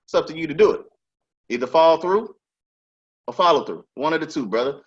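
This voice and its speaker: A man's voice: on the high side, animated, brisk. A man hosting a podcast, telling a work story in casual, emphatic and profane chat. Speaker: podcast host. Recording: dull lo-fi sound.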